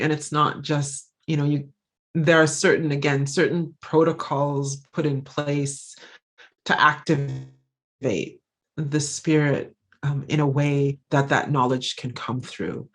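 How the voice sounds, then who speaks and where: Slow, halting, earnest woman lecturing. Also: sits low. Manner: reflective, halting, with frequent pauses and restarts; earnest, heartfelt. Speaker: visiting scholar giving a lecture. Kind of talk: lecture with personal storytelling.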